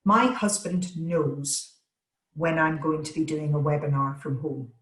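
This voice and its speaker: A woman voice coach answers webinar Q and A questions over a video call, stressing each word with energetic, deliberate emphasis. Her voice is fairly low for a woman, and the call sounds roomy with noticeable echo.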